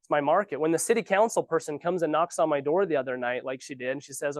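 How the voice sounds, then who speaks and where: Give me an animated, sarcastic man coaching new agents in a dry room. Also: on the high side, fast, dry recording. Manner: animated, ranting, sarcastic asides. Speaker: real estate trainer. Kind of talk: casual training talk. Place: office training room.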